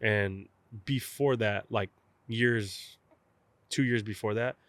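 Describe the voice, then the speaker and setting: Speaking slowly in a lowish voice, a young South Texas guest who catches professionally tells an interview story in a casual way. He animatedly reenacts both sides of old phone conversations, captured in a dry recording.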